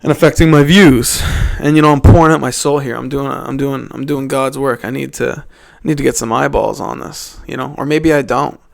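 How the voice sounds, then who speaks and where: A man's voice: medium pitch, steady tone, normal speed, vocal fry, few pauses. A young man from Canada hosting a casual solo podcast, rambling and profane, often cutting himself off and restarting. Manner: rambling, profane, self-interrupting. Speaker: podcast host.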